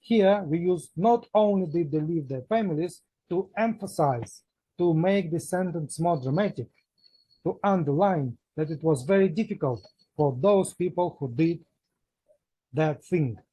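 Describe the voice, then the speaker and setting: A man's voice: a little high, measured pace, mellow, breathy edge, no room sound, poor audio. A man teaching an English grammar lesson, patiently explaining step by step and repeating examples.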